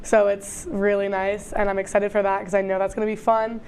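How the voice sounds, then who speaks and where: A woman's voice: mid-range voice, flat delivery, fairly quick, darkish tone, a little hiss or hum. A young woman in college co-hosting a student TV talk show, chatting casually and rambling with plenty of fillers. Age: young adult. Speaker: student co-host. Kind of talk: casual chat. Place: campus TV studio.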